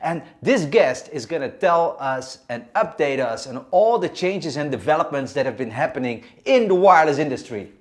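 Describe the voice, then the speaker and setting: A man's voice: fairly high pitch, expressive, moderate pace, hardly any pauses. A man co-hosting a podcast, talking with enthusiasm and plenty of restarts. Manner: enthusiastic, with many fillers and restarts. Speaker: co-host.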